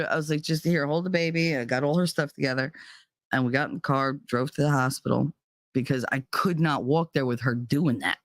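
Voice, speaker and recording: A young adult woman hosting a podcast, telling a story with heavy profanity, her voice climbing into yelling in the tense parts. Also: rumbling low, a little fast, dry recording, clean studio sound. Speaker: podcast host. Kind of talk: storytelling monologue.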